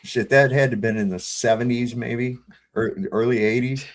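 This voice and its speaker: A man's voice: medium pitch, normal speed. Middle-aged man hosting a casual chat. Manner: relaxed, chatty, introduces clips. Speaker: host.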